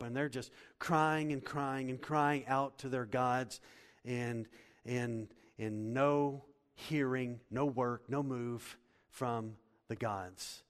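A man preaching a sermon in a church, dramatic, swinging from hushed tones to loud exclamations. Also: medium pitch, steady tone, slow pace. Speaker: pastor. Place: church hall. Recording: long hall reverb.

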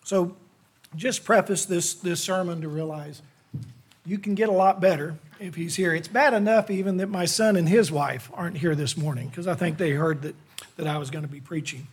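Folksy man preaching, husky high voice. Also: normal speed. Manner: folksy, self-deprecating, conversational. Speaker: lay preacher. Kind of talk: sermon. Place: church.

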